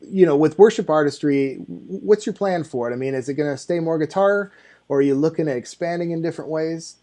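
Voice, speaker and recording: A man's voice: on the high side, a little fast, mellow. A man hosting an interview, easygoing and affirming in a chatty way. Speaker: podcast host. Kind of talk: casual interview chat.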